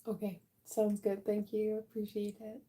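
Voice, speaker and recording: A woman in her late twenties chatting casually with viewers while she paints on a livestream. She is relaxed and talks at an easy pace, yawning often as she answers the chat. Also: mid-range voice, normal speed. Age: late 20s. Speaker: livestream artist. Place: art room at home.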